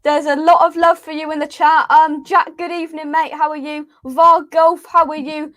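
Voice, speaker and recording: High-voiced giggly woman host. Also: little pitch movement, moderate pace, fairly bright tone. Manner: giggly, reads out chat comments. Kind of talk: casual live stream chat.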